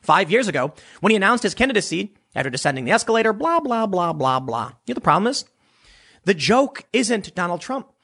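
A man's voice: high voice, animated, fast, a bit bright, slightly rough. A man delivering an opinionated commentary monologue, sarcastic and mocking, slipping into impressions of others. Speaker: political commentator.

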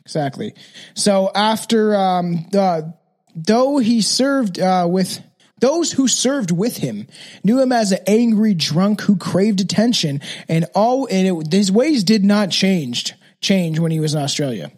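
A man's voice: high-pitched, lively intonation, unhurried, darkish tone. A man co-hosting a podcast, chatting casually and crudely about a true crime case, often restarting his sentences. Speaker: podcast co-host.

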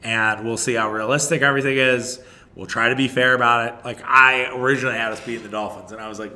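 A man's voice: mid-range voice, fairly quick, bright, forceful tone. A man hosting a casual solo sports podcast, rambling and opinionated, often restarting his sentences and swearing.

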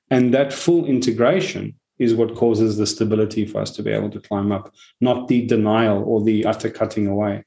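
A man in casual conversation, reflective and animated as he tells stories, with the odd swear word. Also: on the low side, moderate pace, creaky, hardly any pauses.

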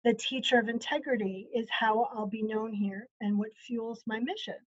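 A woman's voice: fairly high pitch, steady tone, moderate pace, lo-fi sound. A woman coach talking earnestly in a casual interview, acting out quoted conversations as she explains.

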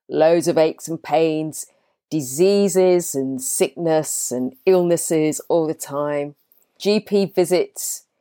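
A woman in her fifties speaks as a fitness instructor giving a motivational talk. Her voice sits fairly low and sounds mellow and warm. She delivers it earnestly and leans on rhetorical questions.

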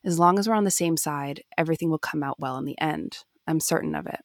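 A calm, reassuring older Jedi mentor, as a woman reads him aloud from a novel. The voice sits low with some gravel. It sounds close and dry. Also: fast talker, no echo. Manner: gentle, reassuring.

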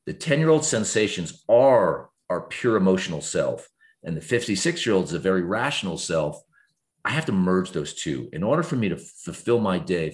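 Deep-voiced earnest man in his fifties. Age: 50s. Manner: earnest, reflective, lively swings in pitch when explaining. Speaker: guest author. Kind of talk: podcast conversation.

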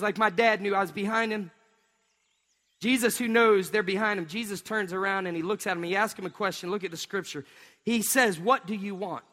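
A man, preaching a sermon in an animated storytelling way. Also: high-pitched. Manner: storytelling, animated, acts out voices. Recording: long hall reverb.

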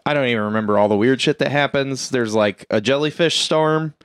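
A man's voice: mid-range voice, fairly quick, clean tone, dry recording, clean studio sound. A man casually recapping a movie plot with a rambling, profane delivery full of "like" and "uh". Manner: rambling, lots of "like" and "uh" fillers.

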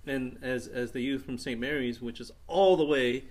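A man's voice: medium pitch, moderate pace. A man leading a ministry group, earnestly addressing young people and sometimes searching for his words as he encourages them. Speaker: ministry leader addressing youth.

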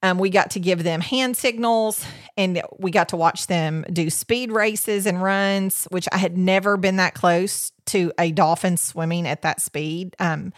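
Chatty woman, low voice. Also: a little slow, no room sound, clean studio sound. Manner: rambling, many fillers and restarts. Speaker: podcast host. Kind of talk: casual chat about a vacation.

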